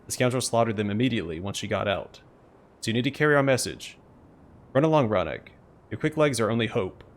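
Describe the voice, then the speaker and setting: A man's voice: mid-range voice, animated, quick pace, close to an everyday voice. A man reading the lines of a wounded, stern sergeant giving urgent orders in a game's story.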